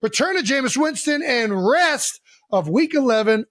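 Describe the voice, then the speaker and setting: A man in his thirties from Ohio, co-hosting a casual podcast chat in a boisterous, excitable way and swearing freely. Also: very high voice, normal speed, dry recording, studio quality. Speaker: podcast co-host.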